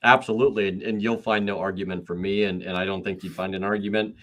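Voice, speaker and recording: A man's voice: lowish voice, fairly even intonation, fast, fairly bright tone. A man hosting a podcast, talking casually and rambling with many fillers and restarts. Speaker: podcast host.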